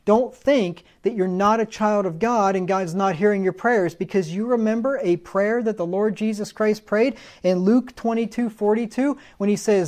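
A man's voice: high voice, normal speed, few pauses, darkish tone. A man preaching a sermon in a conversational teaching manner, defining words and adding folksy humorous asides.

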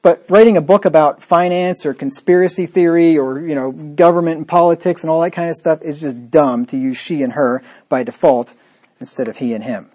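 A man delivers a sermon in a voice that sits a little high. He talks in an emphatic, repetitive way and leans on mocking sarcasm. He drives his points home by saying them again. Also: steady tone, brisk, darkish tone. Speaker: pastor.

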